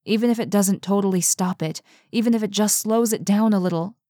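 A woman's voice: medium pitch, a little fast, dark tone, no room sound, studio quality, close to an everyday voice. Woman voicing a tense, determined young woman. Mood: urgent. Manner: urgent, coaxing, tense.

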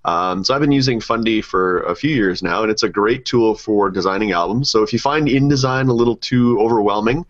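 A man's voice: lowish voice, brisk, few pauses. A man hosting a podcast in an upbeat, chatty way with plenty of fillers. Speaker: podcast host. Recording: dull lo-fi audio.

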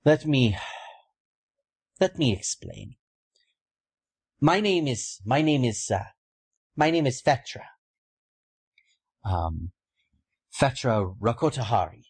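A man voicing an elderly raven-folk woman who leads an old order, speaking slowly and formally. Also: sing-song, slightly rough, dry recording, full character voice. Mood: solemn. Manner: high, drawn-out, deliberate speech.

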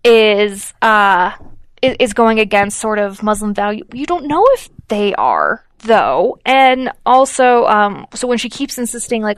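A woman's voice: mid-range voice, unhurried, a bit bright, dry recording. A woman co-hosting a podcast, telling a story in a chatty way with lots of fillers and acted-out quotes. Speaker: podcast co-host. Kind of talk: casual chat.

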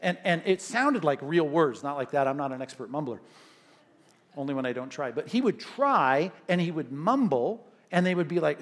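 A man preaching a sermon in an animated, conversational way, often checking in with "right?". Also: fairly high pitch, normal speed. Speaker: pastor.

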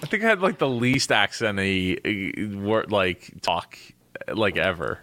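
A man co-hosting a podcast in casual chat, talking haltingly with repeated words and trailing off. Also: on the low side, lively intonation, sharp tone, no room sound. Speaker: podcast co-host.

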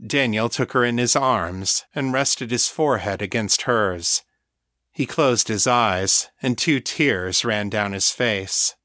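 A man narrates a fantasy serial in a steady, even reading voice. His pitch sits in the middle range. The recording is close and dry, with no room sound. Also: slow, dry recording. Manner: steady, even storytelling read. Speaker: audiobook narrator. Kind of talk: scripted narration.

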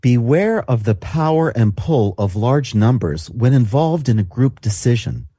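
A man co-hosting a faith talk show, reading scripture aloud in a measured way. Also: medium pitch, very animated, mellow, husky, no room sound. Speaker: co-host.

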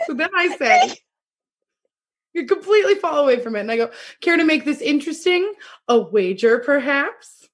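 A woman's voice: high voice, sing-song, normal speed, a bit bright. A young woman co-hosting a podcast, animatedly retelling a dating story with acted quotes and laughter. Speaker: podcast co-host. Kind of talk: casual chat, storytelling.

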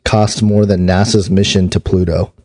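A man's voice: low-pitched, flat delivery, moderate pace, warm tone. A man co-hosting a talk show, reading news items in a dry, matter-of-fact way. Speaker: podcast co-host.

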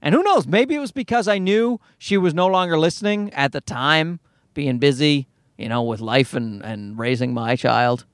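A man's voice: a little high, expressive, moderate pace, dry recording, studio quality. A man hosting a comedy podcast, ranting in a worked-up way and swearing freely. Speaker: podcast host.

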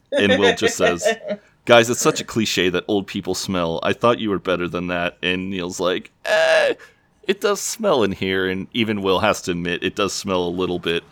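A man in his thirties, casually retelling show scenes as a podcast co-host, slipping into quick character voices and laughing. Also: sits low, animated, fairly bright tone, no echo. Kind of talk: casual recap chat.

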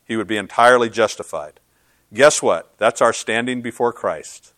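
A man preaching a sermon as pastor, earnest and swinging from loud to hushed. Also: medium pitch, moderate pace, dry recording.

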